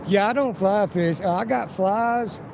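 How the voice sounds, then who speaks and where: A man with a slightly high voice, live-streaming from his phone as he walks outdoors. He rambles from story to story, swears freely, and acts out the people he talks about. Traffic and street noise are loud behind him. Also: measured pace, gravelly. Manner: profane, rambling storyteller who acts out quotes. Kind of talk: casual live-stream vlog, walking outdoors. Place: outdoors by a river and town streets.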